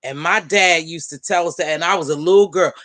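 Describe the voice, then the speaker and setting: A woman hosting a casual live-stream panel, chatting and gossiping in an animated way and calling out friends by name. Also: on the low side, fairly quick, no room sound. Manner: animated, talks straight to viewers and friends by name. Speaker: panel host.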